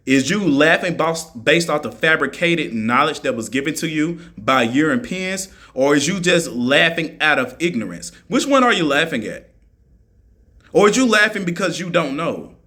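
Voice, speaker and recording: Guy ranting on a live stream, bright forceful voice, keeps mocking and repeating questions. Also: fairly high pitch. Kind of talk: argumentative live-stream rant.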